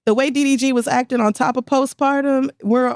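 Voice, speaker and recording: A woman's voice: high voice, steady tone, a little mellow. Blunt, profane woman podcast host. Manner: blunt, profane, quick to laugh. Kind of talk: casual podcast chat.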